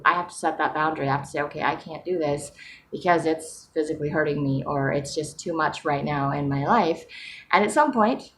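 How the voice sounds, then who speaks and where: A woman with a low voice talks to the camera in a relaxed, rambling way. She fills her sentences with ums and breaks into soft laughs as she goes. A faint hiss runs under the recording. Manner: chatty and rambling, with frequent fillers and soft laughs. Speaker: vlogger. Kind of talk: casual personal vlog.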